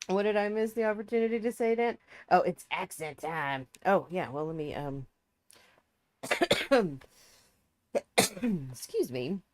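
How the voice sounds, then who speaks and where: A woman chats through a building-game stream, her low voice swinging widely in pitch. She thinks aloud and teases herself as she works. A sore throat roughens her talk. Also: animated, measured pace, long pauses, darkish tone, no echo. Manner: chatty, self-mocking, thinking aloud.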